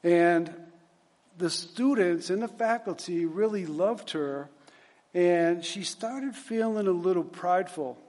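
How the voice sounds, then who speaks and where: A man telling a story in a relaxed, conversational way, restarting phrases and filling pauses as he goes. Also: sits high, in a large hall. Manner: conversational, with frequent restarts and fillers. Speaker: speaker. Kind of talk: storytelling talk.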